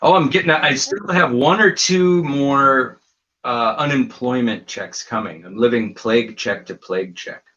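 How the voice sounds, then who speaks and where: A man's voice: medium pitch, a little slow, bright, forceful tone, highs cut off. A man doing a casual stand-up set over a home video call, rambling and self-deprecating with lots of fillers and restarts. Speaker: stand-up comedian.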